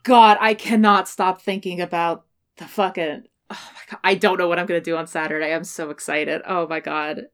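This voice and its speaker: A woman hosting a casual podcast, excitable and profane, laughing often as she chats. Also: lowish voice, fairly quick, smooth. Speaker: podcast host. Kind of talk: casual chat.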